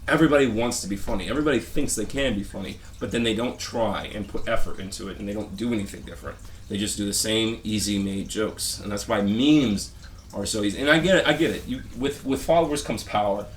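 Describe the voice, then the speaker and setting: A man with a somewhat low voice rants his way through a casual vlog, stumbling over his words and starting sentences again and again. His tone is sarcastic and dismissive, and a faint background noise sits under the recording. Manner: halting, rambling rant with frequent restarts. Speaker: vlogger. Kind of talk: rambling complaint vlog.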